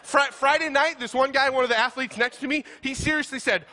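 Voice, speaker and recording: Male pastor, bright and forceful tone, animated comic sermon storyteller. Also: extremely high pitch, fairly quick, few pauses, slight background noise. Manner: animated, self-deprecating, laughs while talking.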